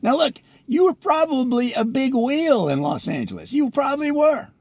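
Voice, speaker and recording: A man with a high voice, lecturing his listeners in a comedic parody rant. He sounds preachy and mock-exasperated, and every so often he rises into full shouts. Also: sing-song, moderate pace, no echo. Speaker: comedic presenter.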